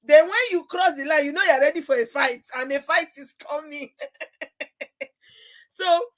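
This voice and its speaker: High-voiced woman host. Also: moderate pace, fairly bright tone. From Nigeria. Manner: emphatic, uses proverbs and laughs along. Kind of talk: conversational talk show.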